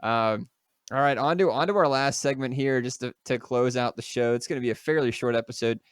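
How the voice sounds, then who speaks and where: A man's voice: medium pitch, a little fast, clean tone, dry recording, clean studio sound. A young man co-hosting a casual sports podcast, loose and jokey, with lots of fillers and restarts. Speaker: podcast co-host.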